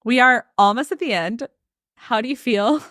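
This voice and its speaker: A woman's voice: fairly high pitch, normal speed, dry recording. Dry-sounding woman retelling a story. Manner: animated retelling with quoted voices and frequent "like". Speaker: podcast host. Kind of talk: casual storytelling chat.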